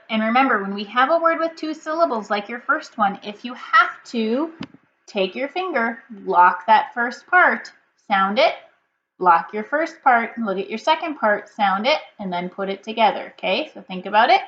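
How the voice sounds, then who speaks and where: A woman teacher leading a phonics reading lesson for young children, prompting slowly and patiently, sound by sound. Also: fairly high pitch, expressive, bright, forceful tone. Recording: dull, slightly noisy, roomy sound.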